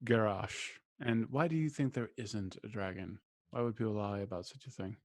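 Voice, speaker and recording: A man's voice: fairly low pitch, normal speed, no echo, clean studio sound. A man taking part in a tabletop role-play, talking in a flustered, stammering way. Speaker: player.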